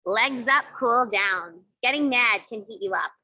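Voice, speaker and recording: A woman with a bright, crisp, fairly high voice leads children through yoga and mindfulness exercises. She gives gentle, encouraging instructions and adds playful sound effects along the way. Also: measured pace, poor audio. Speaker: kids yoga teacher. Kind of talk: guided kids yoga and mindfulness.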